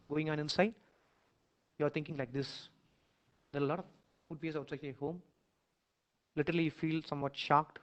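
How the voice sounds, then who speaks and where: A man with an Indian English accent, lecturing and leading listeners through a dramatic imagined scene, repeating phrases and surging loud in emotional stretches. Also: on the high side, poor audio. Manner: dramatic, repetitive, rising to near-shouts in emotional passages. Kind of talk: guided imagination exercise in a lecture.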